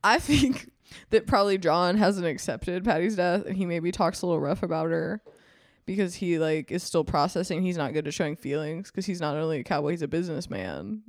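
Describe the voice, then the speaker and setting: A woman's voice: fairly low pitch, a little fast, no echo. A young woman co-hosting a podcast, chatty and joking, swearing casually, close to the mic. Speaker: podcast co-host. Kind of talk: casual chat.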